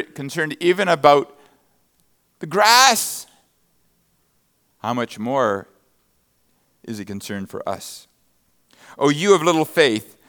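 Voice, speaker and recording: A man's voice: fairly high pitch, a bit bright. A man preaching a sermon, reading scripture verses and expounding them with emphatic, rising bursts of intensity. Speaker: pastor.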